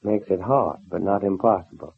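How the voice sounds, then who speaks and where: A man's voice: low-pitched, normal speed, vocal fry, breathy edge, exaggerated voice. An actor playing an easygoing young male cowboy hero with folksy talk in a 1930s radio serial. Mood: teasing. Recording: old narrow-band radio transfer.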